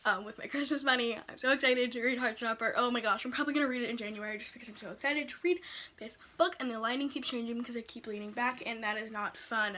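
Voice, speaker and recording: A young woman chats eagerly at home, her voice sitting a little high. She rambles with fillers and gushes about what excites her. A faint hiss runs under the recording. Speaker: book vlogger. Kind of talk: casual chat. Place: home room.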